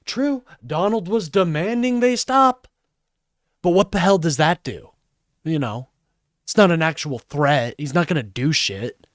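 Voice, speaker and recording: A man's voice: on the high side, lively intonation, unhurried, no echo, studio quality. Profane, ranting male streamer. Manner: swearing, exasperated ranting. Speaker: live streamer. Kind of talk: live stream commentary.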